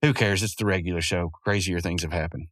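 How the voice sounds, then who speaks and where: A man's voice: sits low, steady tone, quick pace, fairly bright tone, no echo. A man casually recapping a cartoon episode into a close podcast mic, rambling, chuckling often and correcting himself as he goes. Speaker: podcast host.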